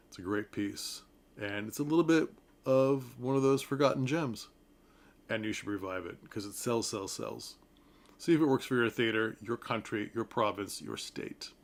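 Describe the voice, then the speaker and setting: A man talks through a stage play in a relaxed review to camera, mid-pitched and chatty. He sounds enthusiastic, pausing on ums and turning often to his viewers. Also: gravelly. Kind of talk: casual talk-to-camera review.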